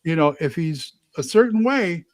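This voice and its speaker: A man's voice: fairly high pitch, animated, moderate pace, dry recording. A man co-hosting a casual tabletop gaming chat show, talking animatedly and sliding into character voices as he tells stories. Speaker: podcast co-host and game master.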